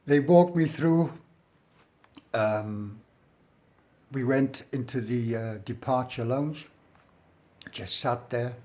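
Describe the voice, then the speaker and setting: A man's voice: mid-range voice, takes it slowly, long pauses, mellow. Middle-aged english bloke rambling thru his story, blunt and sweary, keeps saying we gets and i goes. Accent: English, working-class. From England. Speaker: storyteller recounting his prison life. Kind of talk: casual spoken storytelling.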